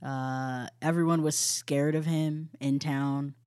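A woman's voice: low voice, steady tone, slow, mellow, smooth. A woman co-hosting a casual true-crime chat, swearing freely and laughing often. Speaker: podcast co-host.

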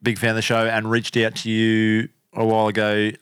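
A man who is a guest on a podcast, talking in a relaxed, modest way with lots of fillers. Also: fairly low pitch, moderate pace, clean tone, no room sound, clean studio sound. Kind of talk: casual interview.

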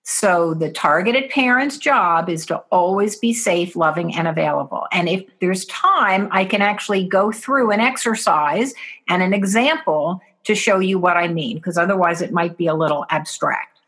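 A woman's voice: on the low side, moderate pace, a bit bright. A woman guest in an interview, earnestly explaining parenting steps and acting out what parents and children say.

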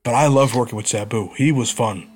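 A man's voice: mid-range voice, fairly quick, darkish tone, breathy edge. Male podcast co-host, casual storyteller, mid-range voice. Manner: storytelling, laughing at old road stories. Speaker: podcast co-host, former wrestler. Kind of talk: casual chat.

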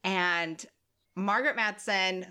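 A woman's voice: medium pitch, takes it slowly, pushed and bright, smooth. A woman podcast host telling a story in casual, profane, joking chat, sick with covid.

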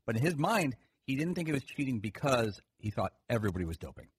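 A man's voice: mid-range voice, sing-song, quick pace, breathy edge, no room sound. A man co-hosting sports radio, explaining a point at length in a storytelling way. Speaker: radio show co-host. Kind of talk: sports talk radio discussion.

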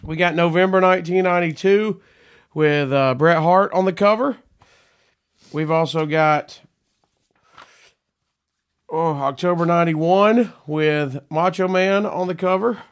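A male host talks slowly and offhandedly, stumbling through thanks with plenty of fillers. He sounds queasy and lightheaded. The sound is close and completely dry. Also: a little high, smooth, no echo. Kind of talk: casual chat.

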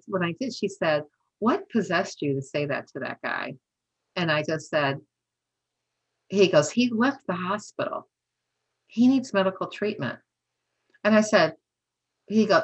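A woman's voice: sits low, fairly bright tone, slightly rough, rough recording. A woman in her sixties telling stories in a casual, chatty way, laughing often and acting out what people said. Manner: chatty, peppered with "you know" and laughter, acts out dialogue. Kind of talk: casual storytelling.

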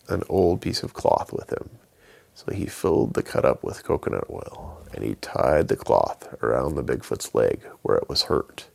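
A deep-voiced man telling a bedtime story, his voice gravelly and husky. He takes his time, and his pitch swings widely as he tells it. The delivery is plain storybook narration. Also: darkish tone.

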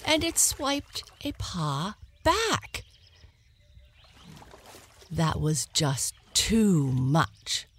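Woman storyteller, bedtime, very slow, soft, lively melody. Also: low voice, slightly rough. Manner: soft, slow and lulling, dropping to a whisper.

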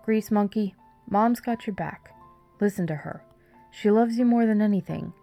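A woman's voice: medium pitch, normal speed, creaky, dark tone, faint music behind, voice pushed up, lightly acted. A woman voicing a loving late father who speaks tenderly to his daughter in an audiobook story.

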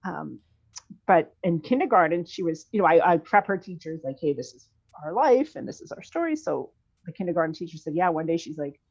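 Woman in her 30s, quick rambly chatty talk with lots of ums, kinda dull muffled audio. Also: on the low side, animated, a little mellow. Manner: candid, rambling, frequent fillers and restarts. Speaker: guest. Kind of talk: conversational podcast interview. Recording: dull lo-fi sound.

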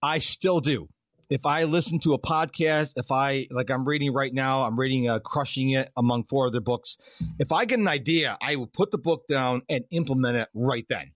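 A man's voice: medium pitch, moderate pace, no room sound. A middle-aged man hosting a podcast, telling stories in casual chat and acting out the voices of people he quotes. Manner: animated storyteller who acts out quoted dialogue. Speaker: podcast host.

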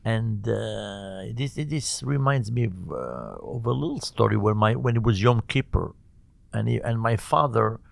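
An older man from Morocco, a cantor being interviewed, telling stories in a halting, earnest way with many restarts. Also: on the low side, gravelly. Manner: halting, repeats and restarts words, warm and earnest. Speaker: cantor, guest. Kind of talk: conversational storytelling interview.

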